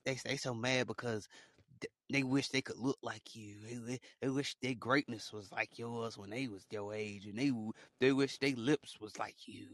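Bright-voiced preachy man. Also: medium pitch, no room sound, studio quality. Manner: preachy, repetitive, loose slangy talk, laughs often. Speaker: podcast host. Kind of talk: motivational monologue.

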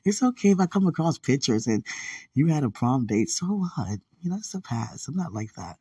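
A man's voice: a little high, big pitch swings, normal speed, dark tone, breathy edge, no echo, distant mic. A man hosting a podcast, talking in a rambling, casual monologue with lots of fillers and frequent laughs. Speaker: podcast host.

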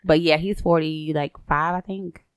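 A woman with a lowish voice chats freely with friends. She asks questions and laughs easily, talking from a dry close spot with no room sound. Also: fairly even intonation, moderate pace, smooth, dry recording. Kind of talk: casual chat.

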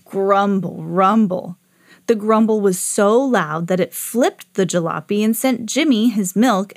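A woman's voice: mid-range voice, no echo. A woman hosting a read-aloud podcast, reading a children's storybook expressively.

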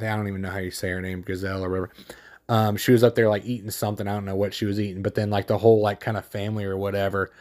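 A man's voice: on the low side, a little mellow. A man hosting a solo sports podcast, rambling and opinionated, with lots of fillers, restarts and casual slang.

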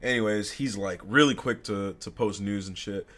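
A man's voice: lowish voice, normal speed, fairly bright tone. A young man co-hosting a gaming podcast, chatting casually and telling stories with plenty of swearing. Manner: casual, profane, storytelling. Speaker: podcast co-host. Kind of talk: casual chat.

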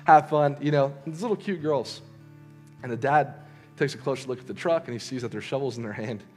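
In casual sermon storytelling, a young man speaks as a youth preacher in an easy, conversational manner, leaning on fillers and restarting quickly. His mid-range voice is accompanied by faint, soft music.

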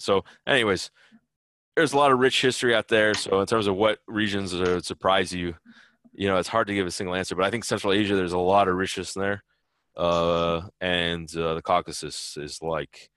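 A man's voice: low voice, a bit bright, dry recording, clean studio sound. A man answering interview questions in a loose, rambling way, full of fillers and restarts. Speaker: interview guest, traveler. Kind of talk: casual conversational interview.

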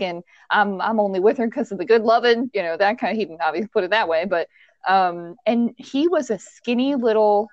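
A woman telling a workplace story in a casual chat, animated and laughing often as she talks. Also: medium pitch, dry recording. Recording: dull, dry sound.

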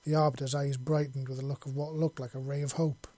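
A man narrating a science fiction story in a steady, even reading style. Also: medium pitch, fast talker, no room sound. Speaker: audiobook reader.

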